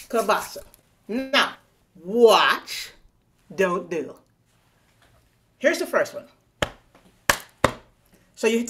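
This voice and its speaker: A woman's voice: high-pitched, a bit bright, slight background noise. A woman leading a body percussion lesson over a video call, playful and coaxing, counting and chanting rhythms aloud. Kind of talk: live online teaching. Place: home room on a video call.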